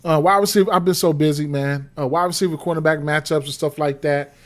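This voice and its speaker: Man, slightly high voice, casual betting stream talk, rambling, repeats himself, hiccups. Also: steady tone, fast talker. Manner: rambling, repeats words, frequent fillers and "right?". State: has the hiccups. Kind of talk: casual livestream betting analysis.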